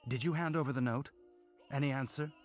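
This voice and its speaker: A man's voice: mid-range voice, animated, slightly rough, dull audio, faint music behind. A man voicing a bitter, hot-tempered young man who speaks in a grating, accusing way in a storybook reading. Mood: impatient. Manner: grating, accusing, quick and sharp.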